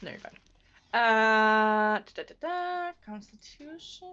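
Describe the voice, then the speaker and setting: A woman game master with a slightly high voice calls out hits and misses in a wry, teasing way. The sound is dull and lo-fi. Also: animated, slow, pushed and bright, clear, resonant tone. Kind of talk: running a tabletop game, casual.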